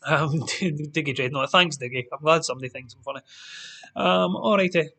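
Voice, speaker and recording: Bright-voiced Scottish quiz host. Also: male voice, medium pitch, steady tone, fairly quick. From Scotland. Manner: chatty, jokey asides to players. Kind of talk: livestream quiz hosting.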